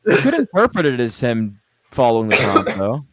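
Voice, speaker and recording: A man's voice: medium pitch, huge pitch swings, moderate pace, crowd noise. A man chatting as a guest on a livestream, with a sarcastic, joking way of talking. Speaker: guest co-host. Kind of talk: casual chat on a livestream.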